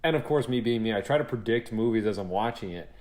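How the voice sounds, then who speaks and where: A man's voice: lowish voice, quick pace. A young man co-hosting a podcast, chatting casually and acting out what people said, with some swearing. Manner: animated storyteller, acts out quotes, swears freely. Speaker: podcast co-host. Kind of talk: casual chat.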